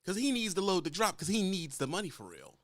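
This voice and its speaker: A man's voice: high voice, sing-song, fast talker, dry recording. A man who drives trucks, bluntly lecturing younger drivers in a casual, profane vlog rant. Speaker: truck driver giving advice.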